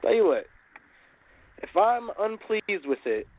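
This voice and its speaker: A man's voice: high voice, big pitch swings, slow. A man calling into a live show, talking in a skeptical, unimpressed way. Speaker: caller. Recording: muffled phone call.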